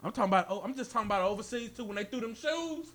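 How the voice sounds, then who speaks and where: Fast-talking man, high voice, crowd behind. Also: animated. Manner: fast, loose slang talk. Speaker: podcast co-host. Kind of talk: casual chat.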